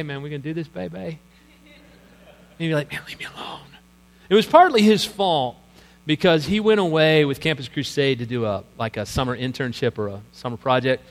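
A middle-aged male pastor preaches in a big, echoing sanctuary, his slightly high voice ringing off the walls over a faint electrical hum. He tells stories casually and laughs at his own jokes. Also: fairly bright tone. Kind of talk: sermon. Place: church sanctuary. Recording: live hall with long reverb and mains hum.

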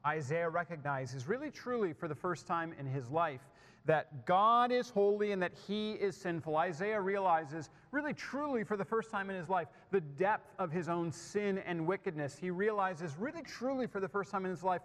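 A man delivers a sermon with a fairly high voice, leaning hard into key words and then sinking to near-hushed phrases. His voice rings with the long reverb of a large hall. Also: animated, moderate pace. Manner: emphatic, dropping to soft, hushed lines. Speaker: preacher.

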